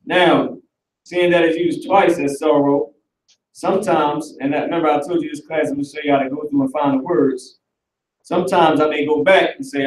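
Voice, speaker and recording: A man teaching an online Hebrew class in a casual, animated way, talking aloud as he works through the screen. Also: a little high, normal speed, slight background noise. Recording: roomy recording from far off the mic.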